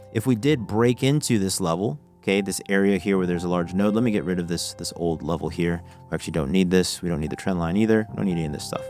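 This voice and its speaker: A man giving a casual screen-share trading lesson, walking through a chart and often saying "okay" as he restarts phrases. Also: lowish voice. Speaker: trading educator.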